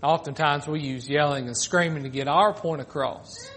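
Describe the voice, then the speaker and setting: A man preaching a sermon, moving between raised pleading lines and soft, slowed phrases, with casual asides. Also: on the high side, a little hiss or hum. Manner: swings from loud pleading to hushed, drawn-out phrases.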